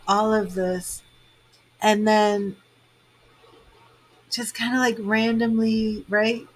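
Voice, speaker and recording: A woman tarot reader talks slowly and unhurriedly to viewers of her live stream. Her delivery is emotional and rambling, full of fillers, and she sounds tearful. Her pitch sits in an ordinary middle range. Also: poor audio. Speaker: tarot reader and psychic medium.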